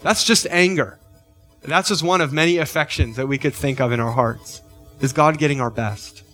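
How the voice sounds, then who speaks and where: A man's voice: mid-range voice, normal speed, pushed and bright, soft background music. A middle-aged man preaching a sermon as pastor, earnest, often checking in with "right?" and lifting his voice on key questions.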